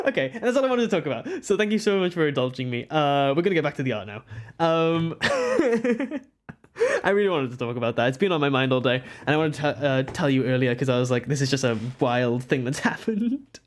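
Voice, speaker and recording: A young Welsh art streamer talks casually to viewers, rambling and breaking into frequent giggles. The pitch swings widely and expressively, at a middling height overall. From Wales. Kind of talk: casual live-stream chat.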